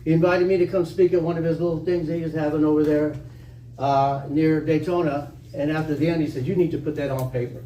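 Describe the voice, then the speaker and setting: A man with a somewhat high, mellow voice tells chatty stories to a live audience, chuckling now and then and acting out old phone calls. He sounds distant from the mic in a reverberant conference room with faint background noise. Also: steady tone, a little fast, lo-fi sound. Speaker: conference speaker. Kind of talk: storytelling talk to a live audience.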